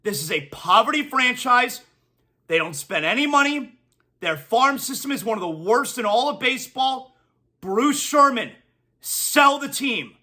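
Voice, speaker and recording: A man's voice: very high-pitched, lively intonation, normal speed, bright, forceful tone. A man hosting a sports talk show, ranting emphatically and repeating his punchlines for effect. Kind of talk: opinionated sports talk monologue.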